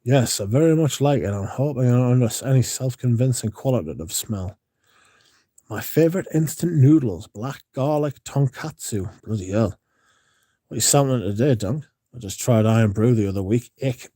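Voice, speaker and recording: A drowsy man rambling through a late-night livestream chat. His voice is very dark and mellow, with a husky edge, and he mumbles now and then as he reads messages aloud. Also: mid-range voice, lively intonation, moderate pace. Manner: drowsy, yawning, mumbles at times. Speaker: livestream host reading chat.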